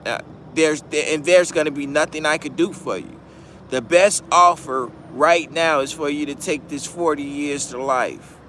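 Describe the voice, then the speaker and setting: A man's voice: fairly high pitch, unhurried, fairly bright tone, a little hiss or hum. A man mimicking a condescending male lawyer who pressures a defendant in a mock-formal voice. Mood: pressuring.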